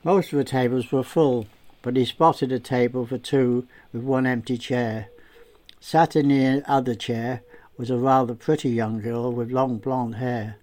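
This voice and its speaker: A man reads a story aloud, narrating in a steady, unhurried way. His delivery is plain and even, with a mid-pitched voice.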